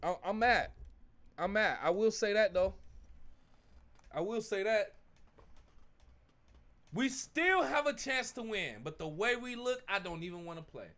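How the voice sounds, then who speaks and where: A young man hosting a live-stream sports watch-along, casual and slangy, switching between low mumbled asides and loud outbursts at the plays. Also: measured pace, pauses often. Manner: excitable, swings from mumbling asides to shouting at the game; uses slang like fam and bro.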